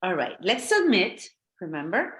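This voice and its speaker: A woman's voice: lowish voice, sing-song, unhurried, fairly bright tone. A woman teaching an online English class, encouraging her students and checking in with them often.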